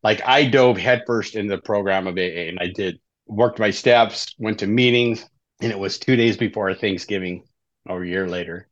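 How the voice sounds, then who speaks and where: A man's voice: fairly low pitch, normal speed, lo-fi sound. A middle-aged man, a podcast guest, tells his story in a casual, conversational way and often ends sentences with "right?". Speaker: podcast guest, life coach in recovery.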